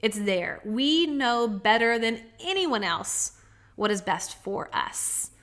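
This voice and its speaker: A woman hosting a self-help podcast, speaking softly and earnestly, with slow stretched words. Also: fairly high pitch, big pitch swings. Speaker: podcast host.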